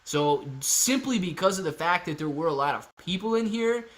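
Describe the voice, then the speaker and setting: A fairly high-voiced man talks casually on a live stream. He reads viewer comments aloud and answers them in an upbeat way, like a regular host chatting with his audience. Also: expressive, moderate pace, fairly bright tone.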